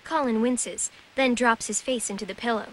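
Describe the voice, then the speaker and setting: A woman reading a scripted audio description of a film in an even, measured manner. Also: fairly high pitch. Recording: narration over loud film noise.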